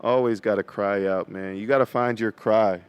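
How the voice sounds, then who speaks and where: A man's voice: fairly low pitch, steady tone, normal speed, smooth. Young man preaching casually to camera. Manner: casual slangy preaching with many fillers. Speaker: vlogger. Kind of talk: casual faith talk to camera.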